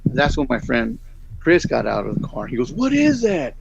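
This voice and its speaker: Man, middle-aged, gravelly voice, rambling storyteller, dull lo-fi sound. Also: medium pitch, brisk. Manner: rambling, animated, acts out the voices in his story. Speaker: guest storyteller. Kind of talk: casual storytelling.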